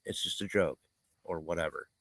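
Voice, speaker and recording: A man's voice: low-pitched, normal speed, creaky, fairly bright tone, no echo. A middle-aged man chatting casually on a live stream while he cooks, reading viewer comments aloud and laughing often.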